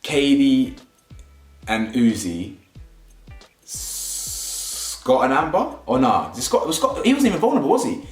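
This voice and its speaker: A young man talks through a reality show in loose, slangy commentary, his pitch swinging up and down as he gets worked up. He sounds like he's in a roomy space with a bit of echo, and faint music plays underneath. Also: takes it slowly, long pauses. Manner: animated, slangy, laughs often. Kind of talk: casual commentary.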